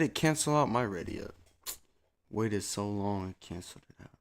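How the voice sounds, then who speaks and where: A man's voice: fairly low pitch, expressive, moderate pace, clear, resonant tone. A man streaming a game, chatting to his viewers in a rambling, profane, laid-back way. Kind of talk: casual live-stream chat.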